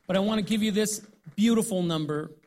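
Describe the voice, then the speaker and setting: A man's voice: high voice, fairly quick. Upbeat man hyping the church. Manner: lively, upbeat, hyping the congregation. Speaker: pastor. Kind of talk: church announcements.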